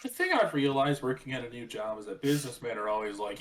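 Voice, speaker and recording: Brief: male player, animated pitch, jokey, stumbles over words when excited. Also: quick pace, rough recording. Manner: joking, repeats himself when excited. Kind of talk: casual chat between players.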